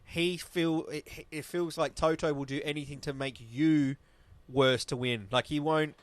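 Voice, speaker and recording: A man's voice: on the high side, steady tone, unhurried, dry recording. A man, co-hosting a casual podcast chat, talking at length in a rambling, loose way and swearing casually. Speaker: podcast co-host.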